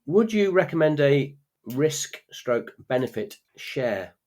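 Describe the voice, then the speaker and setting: A man's voice: on the high side, big pitch swings, slow pace, darkish tone. A man co-hosting a podcast in casual chat, with wry jokey asides and long rambling anecdotes. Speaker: podcast co-host.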